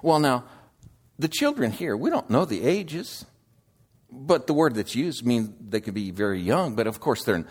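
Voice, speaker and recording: A man preaching a sermon, slow and deliberate, swinging between loud emphasis and hushed asides. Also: mid-range voice.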